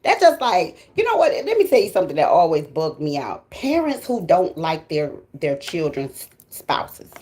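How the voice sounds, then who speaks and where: A woman's voice: low voice, wildly swooping pitch, normal speed, hardly any pauses, darkish tone. A woman who hosts a tarot channel, talking to viewers in a blunt, profane casual monologue and laughing often. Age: adult with grown children. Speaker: tarot reader and channel host.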